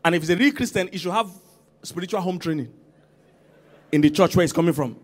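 High-voiced preaching man. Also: fast talker. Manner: animated preaching, swings from loud calls to quiet emphasis; asks the congregation for response. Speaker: senior pastor. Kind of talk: sermon. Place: church.

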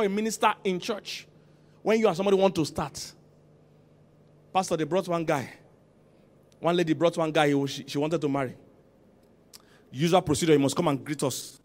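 A man preaching as senior pastor in a church, swinging from loud calls to quiet emphasis and asking the congregation to respond. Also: a little high, moderate pace, long pauses. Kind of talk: sermon.

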